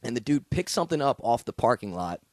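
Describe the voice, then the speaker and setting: A male comedian spins a story on a podcast with punchy, profane delivery. His pitch swings widely as he builds the tension. The sound is dry and close, with no room echo. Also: sing-song, fast, darkish tone. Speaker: guest comedian. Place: studio with podcast guests.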